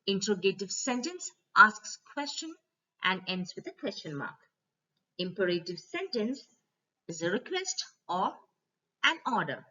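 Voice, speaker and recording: A woman teacher giving a slide-based grammar lesson, speaking to children and repeating each rule slowly. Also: medium pitch, big pitch swings, pushed and bright, husky. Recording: dull lo-fi voice recording.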